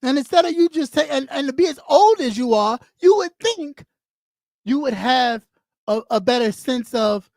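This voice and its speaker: On camera, a woman YouTube streamer launches into a blunt, mocking rant packed with swearing. Her high-pitched voice is animated and a little mellow at a moderate pace, recorded with clean studio sound and no room ambience.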